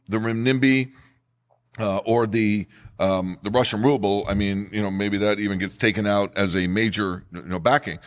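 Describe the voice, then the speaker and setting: With a fairly bright, mid-range voice, this middle-aged New Jersey podcast host tackles economics on his own. He sounds emphatic and pressing, saying key numbers twice for stress.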